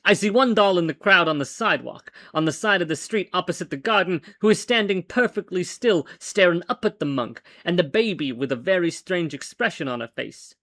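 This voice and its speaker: A man reads an old-fashioned story aloud in a wry, deadpan storytelling voice that sits slightly high. He stumbles and corrects himself now and then. The sound is close and dry. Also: a little fast, few pauses, dry recording. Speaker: host and reader. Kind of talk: dramatic story reading.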